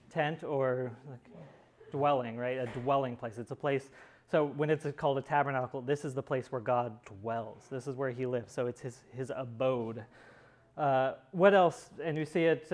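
A man teaching a Bible study class in a conversational way, with many pauses and restarts. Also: mid-range voice.

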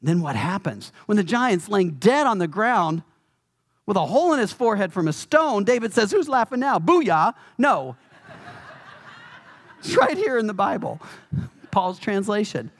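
A man preaching a sermon as pastor, emphatic and animated, with touches of humor. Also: high voice, normal speed, pauses often.

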